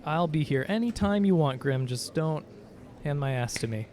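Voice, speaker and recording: Slightly high-voiced with a darkish tone, a man chats and jokes with his viewers while streaming a game, reading its dialogue aloud. He's animated and speaks at a normal pace. Faint game music and slight background noise can be heard.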